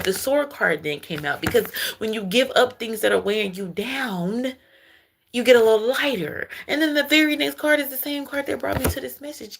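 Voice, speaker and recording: A woman talks her way through an intuitive card reading in a loose, chatty manner. Her mid-pitched voice has a gravelly edge of vocal fry. She calls the listener baby and often checks that they understand. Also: expressive, moderate pace, fairly bright tone, slight background noise. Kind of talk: casual spiritual card-reading monologue.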